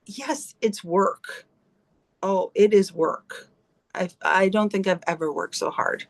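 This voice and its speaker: A woman's voice: medium pitch, steady tone, slow. Blunt, swearing woman on a video call. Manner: blunt, swears freely, emphatic. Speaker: team leader in direct sales. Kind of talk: heartfelt motivational talk to her team.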